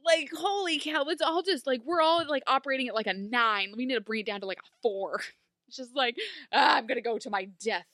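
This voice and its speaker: A woman's voice: high-pitched, fairly quick, fairly bright tone, no room sound, clean studio sound. A woman co-hosting a podcast, recapping a TV episode in casual chat and acting out characters in exaggerated voices.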